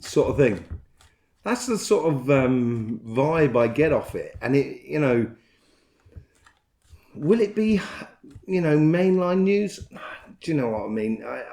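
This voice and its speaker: A man giving a casual, rambling tarot reading to his channel, chatty and given to soft laughs. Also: lowish voice. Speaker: tarot reader.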